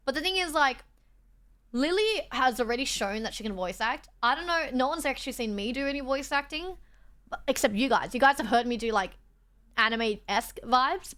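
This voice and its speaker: Bright-voiced woman streamer. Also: fairly high pitch. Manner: chatty, reads chat aloud, self-deprecating. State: tired from travel. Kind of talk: casual live-stream chat.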